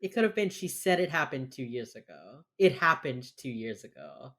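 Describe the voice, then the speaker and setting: A man's voice: medium pitch, big pitch swings, normal speed, sharp tone. A man co-hosting a podcast, tipsy and ranting with heavy sarcasm and casual swearing while recapping a TV episode. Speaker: podcast co-host.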